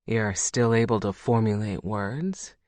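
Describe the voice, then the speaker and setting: A narrator doing a low, teasing werewolf lover. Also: unhurried, a little mellow, dry recording, close to an everyday voice. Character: lustful man, a werewolf lover.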